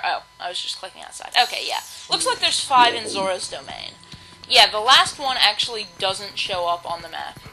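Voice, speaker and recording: Woman, chatty gamer, rambling commentary, mid pitch, loud game music behind. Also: poor audio. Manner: rambling, self-deprecating, chatty. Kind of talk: let's play commentary.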